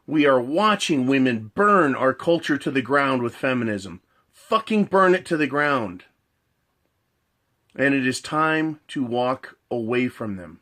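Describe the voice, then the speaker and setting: A man's voice: mid-range voice, lively intonation, measured pace, fairly bright tone. A man ranting in a monologue. He swears a lot, repeats his points, builds long analogies and keeps asking "right?". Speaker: commentator.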